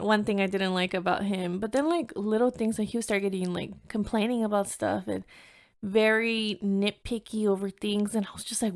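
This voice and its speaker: A woman in her early thirties, hosting a podcast and telling a personal story in a chatty way, full of "like" and acted-out quotes. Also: mid-range voice. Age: early 30s. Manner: chatty, many "like" fillers, acts out quoted dialogue. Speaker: podcast host. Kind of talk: casual storytelling monologue.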